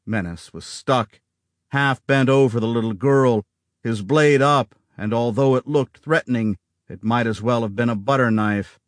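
A man reads a novel aloud as its narrator, telling the story in a steady, dramatic way. His voice sits in a middle range. The recording is close and dry, with no room sound. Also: mid-range voice, no echo. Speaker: audiobook narrator. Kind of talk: scripted audiobook narration.

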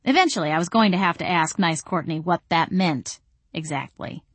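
A woman reads a first-person audiobook with dry wit, her voice a little lower than most. The sound is close and dead, with no room around it. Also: normal speed, dry recording. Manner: wry, deadpan delivery. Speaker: audiobook narrator.

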